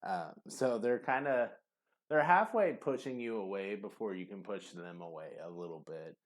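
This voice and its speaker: A man's voice: fairly low pitch, moderate pace. A man giving a casual tarot reading to camera, rambling and hesitant, with many fillers. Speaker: tarot reader.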